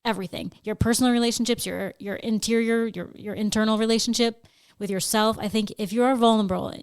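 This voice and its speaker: Podcast woman, smooth clear voice, sincere and emphatic, repeats herself a lot. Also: a little high, fairly even intonation, fast talker. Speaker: podcast co-host. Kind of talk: candid podcast conversation.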